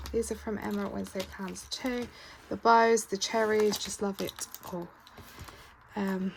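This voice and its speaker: In a roughly recorded casual vlog, a British budgeting vlogger with a mid-range voice talks about her savings. She's chatty, tallies numbers aloud, and occasionally stops to fix a mistake, while clear background noise and keyboard clicks can be heard.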